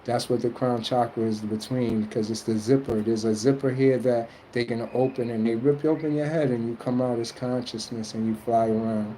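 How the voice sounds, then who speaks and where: A man's voice: steady tone, moderate pace, hardly any pauses, warm tone, a little hiss or hum, low-quality recording. A man talking casually and earnestly about spiritual journeys to his viewers, rambling and colloquial. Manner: rambling, earnest, colloquial, quotes others in high mock voices. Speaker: spiritual streamer answering chat.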